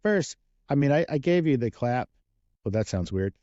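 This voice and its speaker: Male guest interviewer, jokey and lively, dark tone on a dull lo-fi recording. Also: medium pitch, normal speed, no echo. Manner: energetic, joking, playful. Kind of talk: casual podcast interview.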